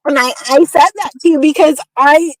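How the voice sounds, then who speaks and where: A woman's voice: high voice, moderate pace, no echo, poor audio. A woman on a livestream call who pleads and repeats herself in a heated argument. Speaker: livestream guest.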